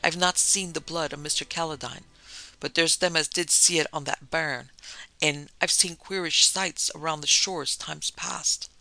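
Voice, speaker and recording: A man reading aloud puts on an old country boatman in a storybook tale. He speaks quietly and slowly in rustic, superstitious turns of phrase, and his voice is slightly high, gravelly and bright. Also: fairly even intonation, dry recording, exaggerated voice, low-quality recording. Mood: uneasy.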